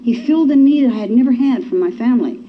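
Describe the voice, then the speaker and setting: A woman's voice: fairly high pitch, animated, fast talker, a little hiss or hum. Folksy woman sharing her story. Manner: folksy storytelling with acted quotes. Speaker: speaker sharing at a recovery meeting. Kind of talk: personal testimony talk. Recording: dull lo-fi recording.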